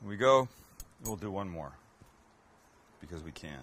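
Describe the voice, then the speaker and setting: A man's voice: sits low, lively intonation, measured pace, a bit bright, slightly rough. A man hosting a cooking show, chatting casually and joking with self-mocking asides as he cooks. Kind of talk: casual cooking demo chat.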